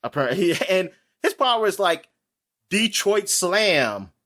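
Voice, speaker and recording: A man co-hosting a podcast, talking in casual chat that rambles, with quick asides and frequent laughs. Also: high-pitched, sing-song, fairly bright tone. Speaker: podcast co-host.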